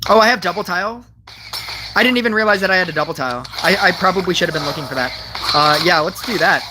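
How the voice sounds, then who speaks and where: Low-voiced woman commenting on gameplay. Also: fast, heavy background noise. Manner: thinking aloud, frequent restarts and self-corrections. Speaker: mobile game player.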